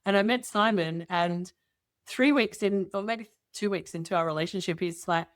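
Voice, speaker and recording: Middle-aged woman on an interview, lowish voice, dry close sound, animated storyteller. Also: normal speed, no room sound. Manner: lively, acts out dialogue with quoted voices. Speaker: interview guest. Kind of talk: casual storytelling in conversation.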